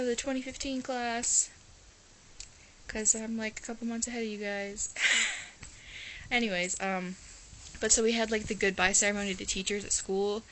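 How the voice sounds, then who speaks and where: This rough recording, with a little hiss or hum, features a teenage Ohio exchange student chatting casually to her camera in a rambling way, full of "like" and restarts. She speaks at a fairly high pitch with fairly even intonation, normal speed, long pauses and a slightly bright tone.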